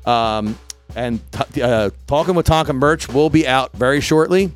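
A young man hosting a casual podcast chat, easygoing and quick to laugh, with lots of "uh" as he talks. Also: medium pitch, faint music behind. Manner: laid-back, laughing, trailing off with "uh". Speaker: podcast host.

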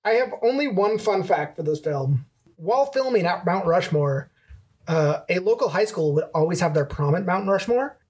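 A man hosting a casual movie podcast, quick and joking as he runs through trivia. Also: sits high, lively intonation, a little mellow, husky. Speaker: podcast host.

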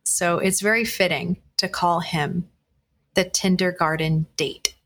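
A woman's voice: fairly low pitch, steady tone, unhurried, a bit bright. Candid, blunt woman recounting a date. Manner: candid and blunt, swears freely; frequent restarts and fillers, conversational retelling. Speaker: podcast host. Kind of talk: personal dating story told to listeners.

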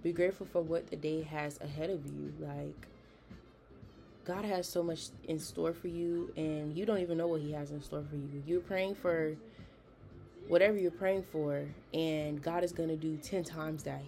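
A woman's voice: sits low, fairly even intonation, moderate pace, creaky, warm tone. A young woman hosting a podcast, chatty and emphatic, giving casual motivational talk with slangy asides. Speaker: podcast host.

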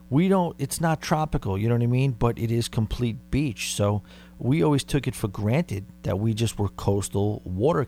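A man's voice: medium pitch, mellow, a little hiss or hum. A man in his thirties with a Long Island New York accent, hosting a podcast and telling stories in a rambling, conversational way. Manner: rambling, conversational, dare-I-say asides. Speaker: podcast host. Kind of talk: casual storytelling.

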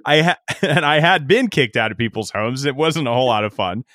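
A man's voice: mid-range voice, a little fast, no echo, clean studio sound. A middle-aged man telling a casual sales story as a podcast guest, laughing often and quoting himself. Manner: animated anecdote-teller, laughs often, quotes himself.

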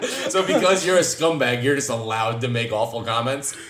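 A man joining a casual podcast, making dry, teasing comments at the others. His pitch moves about freely, and he sounds roomy and echoey, with loud noise behind him. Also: expressive, brisk, a loud crowd.

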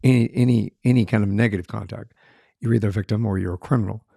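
A man's voice: on the low side, steady tone, quick pace, creaky, warm tone, no echo, studio quality. A man, a former police officer, talking in casual chat and often repeating words as he searches for what to say.

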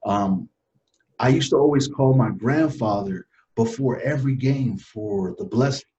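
Earnest man, dull lo-fi sound. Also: slight background noise. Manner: earnest, halting, voice dropping low and soft in emotional moments. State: emotional, choked up. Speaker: interview guest. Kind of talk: personal storytelling in conversation. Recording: dull lo-fi audio.

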